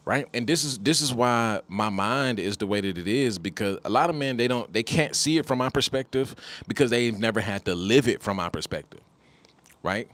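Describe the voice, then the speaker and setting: A man telling a personal story in a casual monologue, animated and repetitive, often calling the listener "bro". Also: on the low side, no echo. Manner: animated, repeats phrases, addresses listeners as bro.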